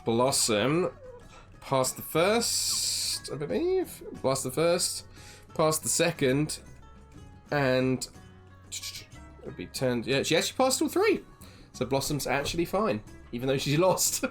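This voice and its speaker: A man's voice: fairly high pitch, sing-song, slow pace, pauses often, faint music behind. Rambling game master, a man. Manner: casual, rambling with many ums. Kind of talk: narrating a tabletop game.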